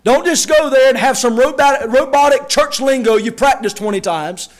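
A man preaching a sermon, acting out quotes and shouting key lines for emphasis. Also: extremely high pitch, normal speed. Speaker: pastor.

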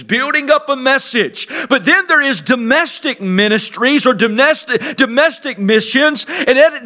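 High, bright-voiced preacher. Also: male voice. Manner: animated, swinging from loud emphatic bursts to low quiet asides. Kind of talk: sermon.

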